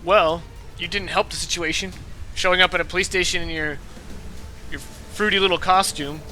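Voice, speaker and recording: A man voicing a gruff, contemptuous armed soldier who speaks in clipped, threatening lines. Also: high voice, fairly even intonation, normal speed, pushed and bright, soft background music. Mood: scornful.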